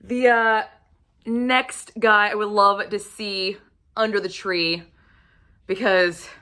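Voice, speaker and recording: A woman vlogger gushing over her favorite romance books, swearing freely and now and then sinking into a breathy whisper. Her voice is bright and forceful and sits at a middle pitch. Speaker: book reviewer. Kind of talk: casual book recommendation vlog.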